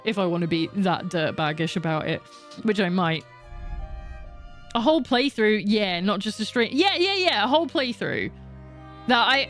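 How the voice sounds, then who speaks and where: A young adult woman livestreamer chatting casually with viewers, rambling and laughing often. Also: medium pitch. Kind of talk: casual chat with stream viewers.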